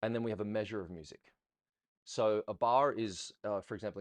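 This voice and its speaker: A man teaching ballroom dance in a rambling, chatty Q&A style, often counting beats out loud. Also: fairly low pitch, fairly quick, no echo. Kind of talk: casual teaching Q&A.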